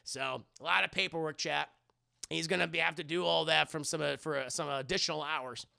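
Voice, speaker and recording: A man streaming an anime review who tells the story in animated, profane casual talk to his live chat and acts out the characters. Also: fairly high pitch, fairly quick, creaky.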